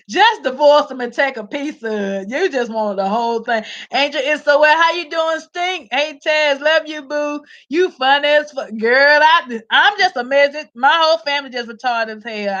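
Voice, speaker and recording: A woman riffing straight to her viewers in a high voice. Her tone is bright and forceful. The commentary is loose and profane, and she breaks into laughs often. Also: lo-fi sound. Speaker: vlogger. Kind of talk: casual comedic commentary.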